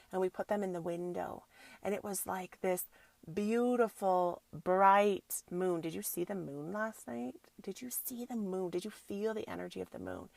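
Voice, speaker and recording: A woman in her thirties talks on her wellness podcast in a loose, chatty way, full of filler likes, speaking straight to her listeners as soul sisters. Her voice has a gravelly fry, and it sits close and dry on the mic. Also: mid-range voice, no echo. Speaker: podcast host, yoga teacher. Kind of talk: spiritual self-help podcast chat.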